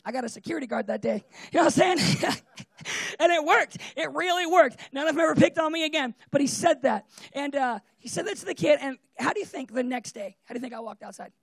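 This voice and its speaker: A preacher giving a casual, conversational sermon with personal stories, talking in an animated way and leaning on "like" and "right?". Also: high-pitched, fast, creaky, dry recording. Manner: animated, fillers of "like" and "right?", often laughs.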